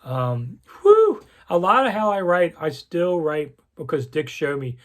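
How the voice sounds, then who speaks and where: A man's voice: on the high side, very animated, measured pace. A man in his sixties, a longtime sports columnist, reminiscing to camera in a casual, rambling way with lots of asides. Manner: rambling storyteller with frequent asides and self-corrections. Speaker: sports columnist hosting his own channel.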